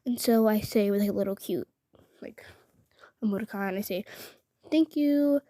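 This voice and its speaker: A woman's voice: medium pitch, flat delivery, moderate pace, warm tone, no echo. A young woman telling a story to the camera, indignant and rambling, often dropping to a whisper. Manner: rambling, many filler "like"s. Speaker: vlogger. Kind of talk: casual storytelling.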